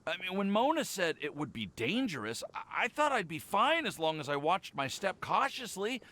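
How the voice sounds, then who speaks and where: A nervous, lovestruck young man from a game. He stammers and trips over his words whenever he is flustered. His pitch swings around a lot. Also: very animated, normal speed, pushed and bright, exaggerated voice. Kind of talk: game voice acting.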